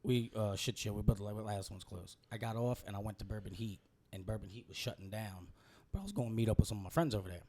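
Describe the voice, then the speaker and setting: A young man, a guest comedian telling a loose, profane story while high. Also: fast, warm tone. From Louisiana. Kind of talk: casual storytelling.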